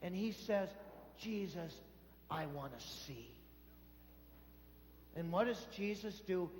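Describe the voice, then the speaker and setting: A man giving a sermon as a priest, telling stories in a lively way and acting out the voices of the people in them. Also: high voice. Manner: animated storytelling, acting out voices in quotes. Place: church. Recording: echoey church hall.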